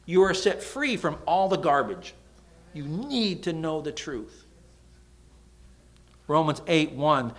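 A middle-aged man preaching a sermon in an animated, dramatic way, dropping into sudden soft asides. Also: mid-range voice.

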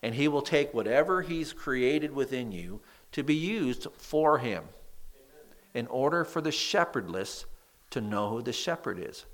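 A man preaching a sermon in a church, with a nasal voice and lively emphasis when reading scripture. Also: medium pitch, a little slow. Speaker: pastor.

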